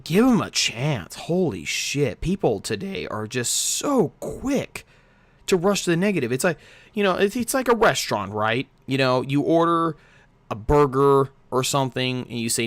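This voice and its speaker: A man's voice: medium pitch, sing-song, moderate pace, fairly bright tone, no echo. A man giving a casual, exasperated game review, ranting and swearing freely into a close home mic.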